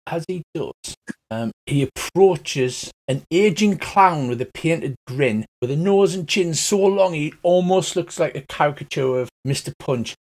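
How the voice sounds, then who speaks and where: A man narrating as game master of a tabletop game, animated in his storytelling. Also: on the high side. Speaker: dungeon master.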